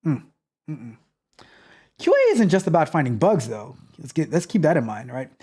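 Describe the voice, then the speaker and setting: A man hosting a tech livestream, talking to his chat. His pitch swings up and down as he talks. He plays up his mock outrage and his sarcasm like a performer. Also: big pitch swings, moderate pace, pauses often, dark tone, slightly rough. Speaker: host. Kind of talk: livestream commentary, reading chat aloud.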